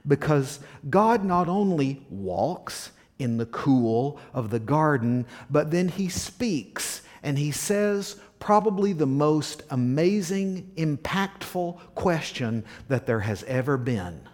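A male pastor preaching a sermon, asking the congregation questions and swinging between loud emphasis and hushed near-whispers. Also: on the high side, animated, takes it slowly, hardly any pauses.

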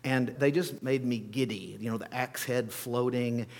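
A man preaching as a pastor, telling the story in an animated way, acting out scenes with playful asides. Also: medium pitch, moderate pace, vocal fry. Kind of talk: sermon. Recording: long hall reverb.

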